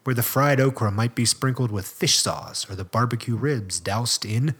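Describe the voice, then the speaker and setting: A man's voice: medium pitch, normal speed, fairly bright tone, breathy edge. A man co-hosting a casual podcast, reading a profile aloud and breaking off for joking asides. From American South. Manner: reads aloud with asides and laughs.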